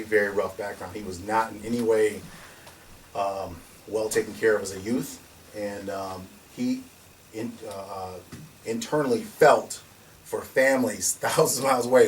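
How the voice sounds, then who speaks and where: A man telling stories in a casual conversation as the founder of a security company, animated and laughing, often restarting and acting out what people said. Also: on the low side, normal speed. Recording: distant mic with faint noise.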